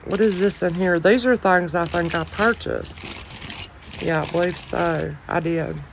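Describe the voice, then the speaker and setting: A woman with a long, deep Southern drawl talks to her viewers in a loud voice that carries. She speaks slowly and folksily, sprinkling in y'all, while a faint breeze and outdoor noise sit behind her. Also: steady tone, vocal fry. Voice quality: loud, carrying voice. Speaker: online jewelry reseller. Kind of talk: casual chat to viewers.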